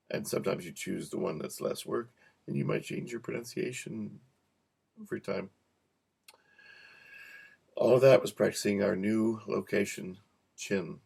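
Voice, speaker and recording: A man teaching a cueing lesson, repeating practice words slowly and joking softly as he goes. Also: lowish voice. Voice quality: gravelly. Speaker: cueing instructor. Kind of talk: relaxed teaching to camera.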